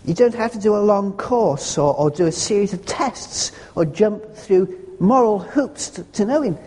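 A man's voice: high-pitched, lively intonation, unhurried, a little mellow, slightly rough. A man preaching a sermon, earnest and conversational, with homely humorous asides. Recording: long hall reverb.

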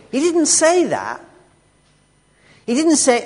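A man's voice: very high-pitched, sing-song, a little slow. A man gives a conversational sermon in a church hall. He talks through the text with asides and small restarts, and a long reverb trails each phrase. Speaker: preacher.

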